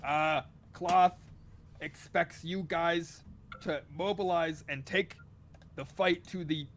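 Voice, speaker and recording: A man's voice: a little high, fairly even intonation, slow, fairly bright tone, a little hiss or hum, voice pushed up. A man voicing a formal male dragonborn emissary, proclaiming in a grand, stately way. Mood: halting.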